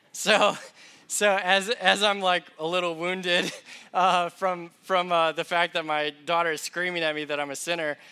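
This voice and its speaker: A young male preacher delivers a sermon with a conversational, self-deprecating storytelling touch. His voice sits high for a man and rings bright and forward. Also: smooth.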